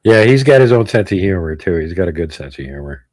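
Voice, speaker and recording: Very deep-voiced man with dry humor. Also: big pitch swings, fast, darkish tone, no echo. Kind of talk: casual chat.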